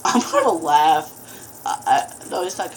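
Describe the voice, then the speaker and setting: A woman's voice: sits low, very animated, a little slow, a little hiss or hum. A woman doing horror game commentary, jumpy, breaking into screams and laughs at the scares. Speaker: gaming video host.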